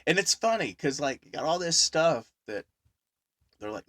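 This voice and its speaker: Male podcast host, casual rambling storyteller; fairly high voice, dry close sound. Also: moderate pace, no echo. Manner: rambling, animated storytelling with many fillers. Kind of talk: casual chat.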